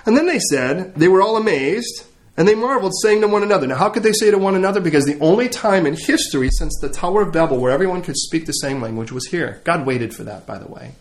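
A man's voice: sits high, quick pace. A man preaching a sermon. He tells stories with humor and acts out the scenes as he goes. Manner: animated, humorous storytelling, acting out scenes.

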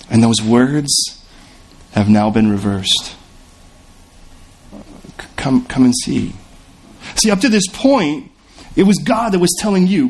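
A man's voice: on the high side, slow pace, gravelly, long pauses, slightly rough. A male pastor preaching a sermon, slipping into the voices of the people in the story he tells. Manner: expressive preaching, acts out the voices of biblical figures.

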